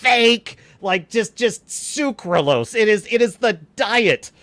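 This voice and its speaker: A man hosts a live-stream commentary show in a high, bright voice that leaps all over. He mocks the lines he quotes and laughs often. The sound is dry and close. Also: lively intonation, slow, no room sound. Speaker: host.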